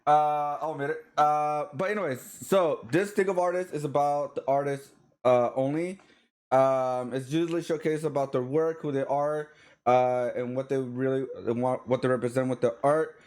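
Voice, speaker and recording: A man's voice: medium pitch, fairly even intonation, moderate pace, darkish tone. Rambling young-sounding man hosting a stream. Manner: loose and rambling, many fillers. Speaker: podcast host. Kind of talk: live-streamed casual interview.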